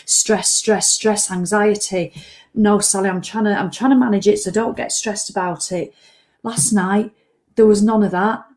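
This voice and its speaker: Woman vlogger, mid-pitched voice, rambling and emotional, acts out her anxious inner thoughts. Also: steady tone, moderate pace, darkish tone. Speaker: online business owner and vlogger. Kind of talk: casual reflective talk to camera.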